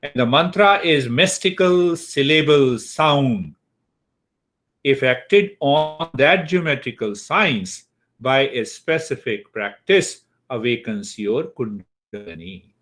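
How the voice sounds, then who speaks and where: A man lecturing on spiritual wisdom, taking his time with every phrase. He repeats key words and keeps asking his listeners whether they follow. His voice sits at a middle pitch. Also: lively intonation, fairly bright tone. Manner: slow, repeating key words, asks the class questions. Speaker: teacher of Eastern wisdom. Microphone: computer mic, online class.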